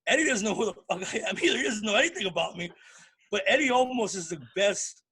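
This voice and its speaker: A male comedian with a high, husky voice tells stories in a relaxed interview. He is animated and lively, jumping into the voices of the people in his stories. His talk is loose and conversational. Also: quick pace. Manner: animated, acts out voices in anecdotes. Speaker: comedian guest. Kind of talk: casual storytelling interview.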